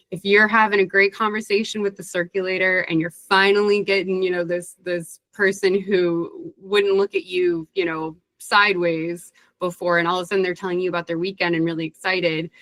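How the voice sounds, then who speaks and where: Woman webinar presenter, lowish voice, dry close mic, chatty and animated. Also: dry recording, low-quality recording. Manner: chatty, animated, acts out quoted dialogue. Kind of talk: career advice webinar talk.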